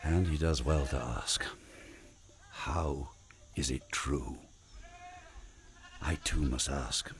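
A man gives a slow, brooding, declamatory monologue as a haunted dramatist. His pitch rises and falls widely. Music plays clearly beneath him. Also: animated, a little mellow. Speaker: aging dramatist. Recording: music underneath.

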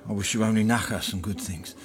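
A man's voice: lowish voice, steady tone, quick pace, slight background noise, natural voice. A man playing a persistent jealous ex-husband. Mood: pleading. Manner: wheedling, persistent. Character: jealous ex-husband pleading for his former wife. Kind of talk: film drama dialogue.

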